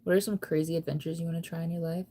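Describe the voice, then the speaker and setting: Talking very fast in a fairly low-pitched voice, a young woman hangs out on a late-night livestream. She's drowsy and yawning, and her relaxed, wandering chatter is full of "like."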